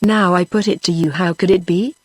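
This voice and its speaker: A British text-to-speech woman's voice reading the part of a calm, patient little wooden Noah's Ark man in a storybook. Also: on the low side, fairly quick, slightly rough, no echo. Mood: calm explaining. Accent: British English. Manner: patient, explaining.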